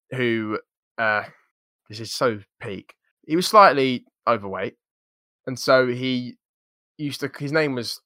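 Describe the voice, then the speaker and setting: Young man, bright voice, dry close sound, casual podcast storytelling, jokey and slangy. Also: clean tone, dry recording. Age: young adult. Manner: lively, jokey, slangy storytelling with swings in pitch. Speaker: podcast co-host.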